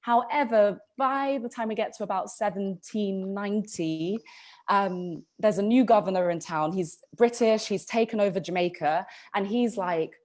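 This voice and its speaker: Brief: woman podcast co-host, mid-pitched, chatty storyteller with ums and restarts. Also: normal speed, darkish tone. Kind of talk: casual history podcast storytelling.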